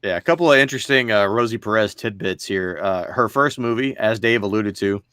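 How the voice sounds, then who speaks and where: A man's voice: on the low side, brisk, pushed and bright, smooth, no echo. Blunt joking man, dry close sound. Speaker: podcast co-host. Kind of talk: casual movie review chat.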